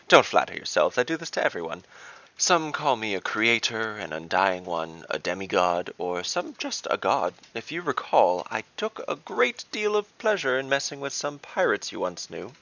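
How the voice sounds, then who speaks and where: A man's voice: on the low side, very animated, moderate pace, creaky, bright, forceful tone, heavily acted. A man voicing a mischievous male halfling trickster god in a gleeful, teasing, theatrical way. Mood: playful. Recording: dull dry lo-fi recording.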